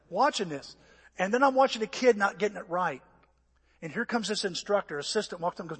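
High-voiced, husky older pastor preaching. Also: male voice, a little fast. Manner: animated storytelling, acting out voices and shouts. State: out of breath. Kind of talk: sermon. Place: church. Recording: echoey church hall.

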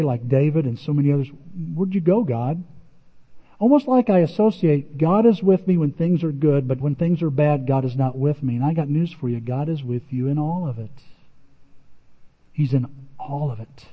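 A man preaching a sermon in a conversational, animated way, his voice rising for emphasis. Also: on the high side, moderate pace. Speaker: pastor. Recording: muffled sound in a reverberant hall.

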